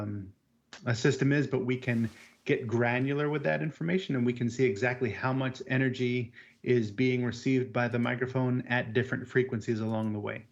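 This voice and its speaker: Gravelly-voiced man explaining audio gear. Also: medium pitch. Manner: halting, restarts words, self-deprecating. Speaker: AV technician co-host. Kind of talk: casual technical chat. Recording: dull lo-fi sound.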